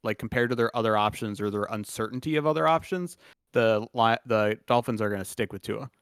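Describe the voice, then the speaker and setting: A man's voice: fairly low pitch, fairly quick, smooth, no room sound, studio quality. A man co-hosting a sports podcast, chatting casually in a loose, rambling way with plenty of jokes. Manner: loose, rambling, jokey, laughs often. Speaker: podcast co-host.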